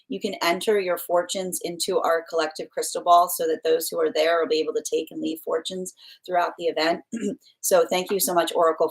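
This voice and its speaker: A woman tarot reader chatting casually with viewers on a live stream, giggling often and filling her talk with "like" and restarts. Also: fairly low pitch.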